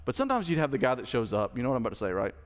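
A man's voice: medium pitch, very animated, racing, big-room sound. A male pastor preaching a sermon in a conversational style, with asides to the congregation. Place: church sanctuary.

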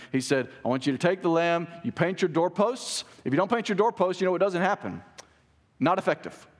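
A middle-aged male pastor preaching a sermon, emphatic, swinging from raised, urgent lines to hushed, slow ones. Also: medium pitch.

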